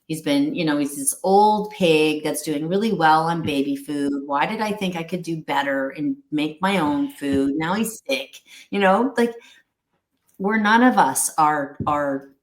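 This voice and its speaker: A woman's voice: low-pitched, measured pace, echoey room. A middle-aged woman speaking earnestly as an interview guest, rambling with restarts and acting out little quotes. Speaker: guest, pet wellness company founder. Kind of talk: candid interview talk.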